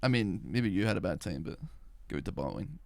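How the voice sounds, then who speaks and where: A man's voice: sits low, very animated, brisk, vocal fry, darkish tone, no room sound. A young man streaming a video game, chatting casually in a rambling, profane way with many filler words. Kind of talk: casual chat while playing a video game.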